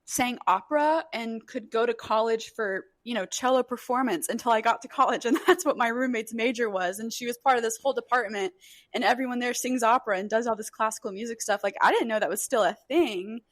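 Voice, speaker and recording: A woman's voice: on the high side, brisk, dry recording. A young woman co-hosting a podcast, telling stories in casual chat with lots of fillers. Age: young adult. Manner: chatty storyteller, many fillers. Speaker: podcast co-host.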